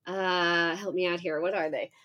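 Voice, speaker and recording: A woman in her forties, a professor guest in an interview, telling a lively personal story and acting out her own thoughts. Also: on the low side, moderate pace. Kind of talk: conversational interview.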